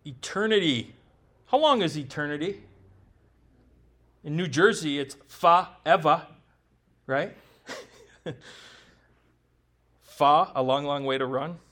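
High-voiced man preaching an emphatic sermon. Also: animated, slow pace, long pauses, sharp tone. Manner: emphatic preaching with rhetorical questions; jokes with the congregation. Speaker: pastor.

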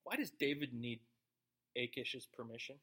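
A man's voice: mid-range voice, lively intonation, normal speed, a bit bright, husky. A man teaching through a Bible passage in a casual, conversational way, joking with his listeners between verses. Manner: conversational, joking asides to the congregation. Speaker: pastor.

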